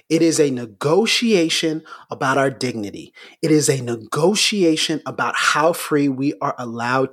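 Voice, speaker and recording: A man's voice: on the high side, a bit bright, husky. A man co-hosting a podcast, speaking with preacher-like intensity and urgent, rising appeals. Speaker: podcast co-host. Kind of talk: impassioned commentary.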